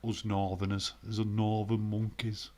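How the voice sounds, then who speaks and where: A man's voice: lowish voice, completely flat delivery, moderate pace, a little mellow. A man with a Yorkshire accent hosting a live stream, chatting in a jokey, laid-back way, with frequent fillers and swearing. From Yorkshire, northern England. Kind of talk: casual live stream chat.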